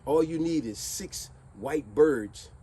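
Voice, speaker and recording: A man voicing a sly male bird who calmly gives crafty advice. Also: slow, a little hiss or hum. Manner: calm, low, advising.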